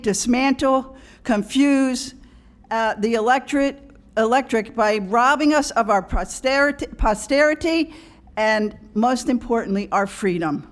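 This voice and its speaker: A woman reading a prepared public comment at a county meeting in an earnest way. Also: on the high side.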